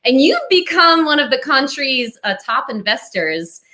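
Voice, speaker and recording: A woman from Rhode Island with a slight Southern American accent hosts a casual live-stream interview. Her voice sits a little high and bright. She is chatty and giggly and speaks straight to her audience. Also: sing-song, unhurried. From Rhode Island, USA. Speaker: podcast host.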